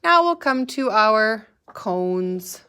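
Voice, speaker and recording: Woman, kindergarten teacher, unhurried delivery, patient prompting, recorded lesson. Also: fairly high pitch, very animated, sharp tone, clean tone. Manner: slow, patient, sing-song prompting for children to repeat.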